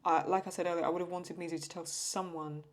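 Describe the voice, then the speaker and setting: A woman's voice: on the low side, little pitch movement, quick pace. A young English woman chatting casually and rambling while she draws and answers viewer questions. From England. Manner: chatty, rambling, self-talk. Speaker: host. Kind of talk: casual chat while drawing.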